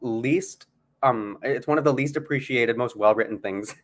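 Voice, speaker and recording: A man's voice: medium pitch, normal speed. A man co-hosting a casual livestream chat, upbeat and playful, laughing often. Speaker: livestream co-host.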